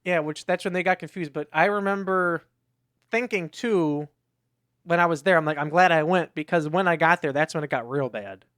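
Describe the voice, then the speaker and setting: A man's voice: fairly high pitch, normal speed, a bit bright, clear, resonant tone, no room sound, studio quality. A man co-hosting a podcast, telling a rambling story in casual chat with lots of restarts. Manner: rambling storytelling with many restarts and acted quotes. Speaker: podcast co-host.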